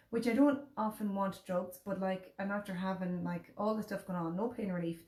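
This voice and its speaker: An Irish woman in her thirties tells a personal story in a casual chat. She acts out other people's words as she goes. Her voice sits at a middle pitch and carries a roomy echo. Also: normal speed, few pauses. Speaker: host.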